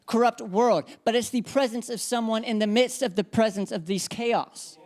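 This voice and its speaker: A woman's voice: on the high side, normal speed, darkish tone. Woman preaching an emphatic sermon. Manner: emphatic, repeats key phrases, leads congregation responses. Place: church.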